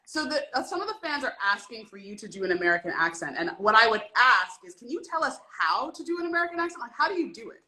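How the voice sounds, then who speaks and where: Woman show creator doing a casual q&a, bright crisp voice, friendly. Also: a little high, sing-song, fast, hardly any pauses. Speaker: series creator interviewing the cast. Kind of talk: casual interview chat.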